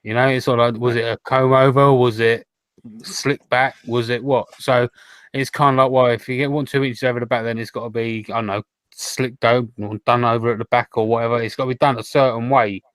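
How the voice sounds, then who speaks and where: Male co-host, mid pitch, musing stammering talk, dry audio. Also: flat delivery, brisk, fairly bright tone, smooth, no room sound. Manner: musing, thinking aloud with stammers. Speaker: podcast co-host. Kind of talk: casual podcast chat.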